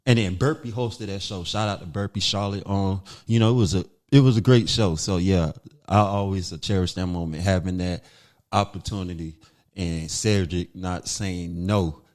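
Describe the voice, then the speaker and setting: A man from North Carolina, a comedian guest telling a story in a casual, animated way and acting out what others said. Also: sits low, normal speed.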